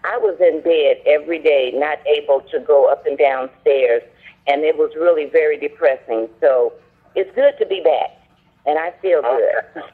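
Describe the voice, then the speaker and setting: A woman on a conference call, telling at length how her health came back, in a talkative, animated way with many fillers. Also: sits low, moderate pace, husky. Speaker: caller sharing a testimony. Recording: phone line.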